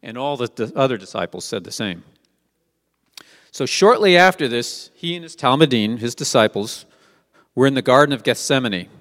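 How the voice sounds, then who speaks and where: A man's voice: mid-range voice, expressive, moderate pace, fairly bright tone. Man preaching in a reverberant hall. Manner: conversational, asks rhetorical questions. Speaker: Messianic teacher. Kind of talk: sermon with scripture reading.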